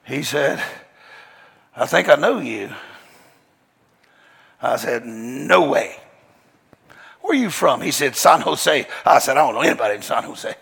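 A man preaching a sermon, telling a story in a folksy, emphatic way with slang, often shouting and laughing his way through it. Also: medium pitch, sing-song, a little slow, gravelly, pauses often, breathy edge. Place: large church hall. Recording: long hall reverb.

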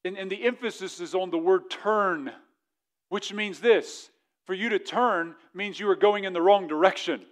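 A male pastor preaching a sermon fervently, dropping to a hush and then rising to emphatic points. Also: high voice. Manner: mocking voices of others in quick asides.

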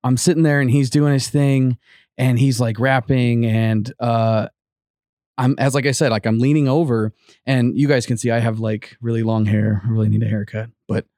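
A man's voice: mid-range voice, little pitch movement, moderate pace, a little mellow, dry recording, studio quality. A man telling a ghost story to his co-hosts in a casual, rambling way, full of fillers and restarts, acting out what people said.

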